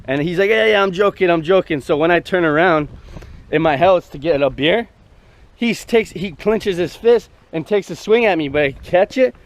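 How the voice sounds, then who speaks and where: A man's voice: on the high side, moderate pace. A man casually telling a long personal story, rambling and profane with lots of fillers, recorded outdoors near traffic. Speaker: host.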